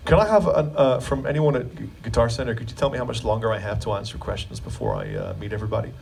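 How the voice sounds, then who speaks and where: A man's voice: medium pitch, big pitch swings, quick pace, gravelly, darkish tone, husky, recorded from a distance. A man leading a guitar clinic in a music store, answering questions in a chatty, joking way. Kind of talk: live clinic Q&A storytelling.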